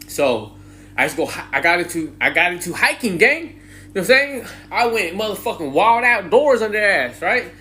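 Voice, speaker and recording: Streetwise man spinning a story, bright and lively delivery, faint hiss behind. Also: normal speed. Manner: animated, slangy, swearing, mimics high-pitched greetings. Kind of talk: casual storytelling monologue.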